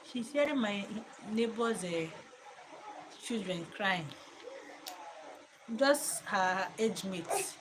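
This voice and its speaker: Chatty mum talking to camera. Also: female voice, mid-range voice, expressive, drawn-out words, long pauses, fairly bright tone, slight background noise, poor audio. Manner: chatty and reflective, laughs often. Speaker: mother and home vlogger. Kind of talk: casual chat to camera. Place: living room at home.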